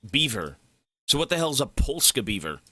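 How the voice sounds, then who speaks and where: Bright, lively streamer guy. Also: mid-range voice, brisk, slight background noise. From Canada. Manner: rambling, profane, joking with chat. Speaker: game streamer. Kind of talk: casual stream chat while gaming.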